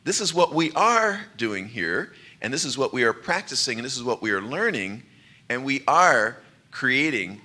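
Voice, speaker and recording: Male minister, bright and forceful voice, easygoing sermon delivery with frequent light laughs. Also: mid-range voice, big pitch swings, normal speed. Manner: conversational and light, laughing often. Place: church sanctuary.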